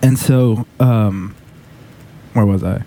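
A man's voice: on the low side, slow, dark tone, a little hiss or hum. A man telling a long story in casual conversation, swearing freely and acting out other people's lines. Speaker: storyteller in casual podcast chat. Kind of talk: casual chat.

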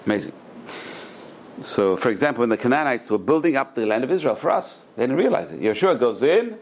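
A middle-aged man teaching a Torah lecture as a rabbi, an animated storyteller who repeats words for emphasis and drops in Hebrew terms. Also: mid-range voice, normal speed, pauses often. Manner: peppers speech with Hebrew terms.

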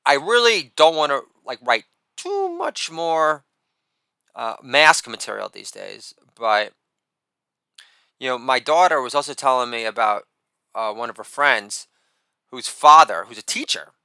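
A man's voice: mid-range voice, big pitch swings, a little slow, vocal fry, pauses often, clean tone, no room sound. A middle-aged man reading his own satirical rant in a profane, sardonic way. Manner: profane and sardonic, with a shouted catchphrase.

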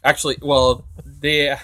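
A man's voice: fairly high pitch, flat delivery, slow, sharp tone. A young man co-hosting a podcast in casual chat, laid-back, laughing and swearing. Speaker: podcast co-host.

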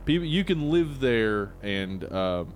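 A man's voice: medium pitch, very animated, takes it slowly. An American man co-hosting a podcast in casual, easygoing, joking talk. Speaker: podcast co-host. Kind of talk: casual chat.

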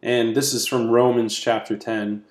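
A man co-hosting a casual podcast, talking through favorite movie scenes in a relaxed, conversational way. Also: medium pitch, unhurried. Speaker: podcast co-host. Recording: roomy echo.

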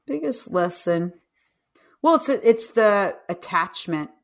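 Speaking slowly with a medium pitch, this woman in her fifties is a coach and author guesting on a podcast. Her storytelling is animated, and she performs the lines she quotes.

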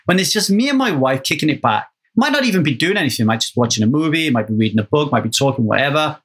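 A slightly husky man in a casual solo podcast talk, with a voice pitched a little high. He talks with lively energy, swears freely, and keeps checking in with the listener by asking "right?". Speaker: podcast host.

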